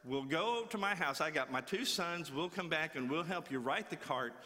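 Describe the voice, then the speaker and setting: A man's voice: fairly high pitch, animated, moderate pace, sharp tone, in a large hall. A man voicing a kindly older farmer who offers help in a friendly, folksy way during a sermon story. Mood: reassuring.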